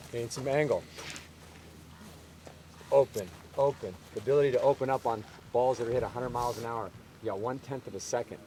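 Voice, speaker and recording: A man coaching baseball infielders on a field, calling out short, energetic drill cues and explaining technique. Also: medium pitch, a little hiss or hum.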